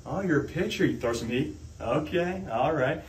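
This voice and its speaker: A young man doing sketch comedy characters, jumping between loud yelling and low muttering. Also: lively intonation, moderate pace, roomy sound, distant mic, a little hiss or hum.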